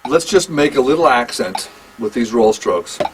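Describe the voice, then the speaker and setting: An older man giving a one-on-one drum lesson, talking in a halting, conversational way and counting beats aloud. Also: medium pitch, lively intonation, slight background noise, rough recording. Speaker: drum teacher.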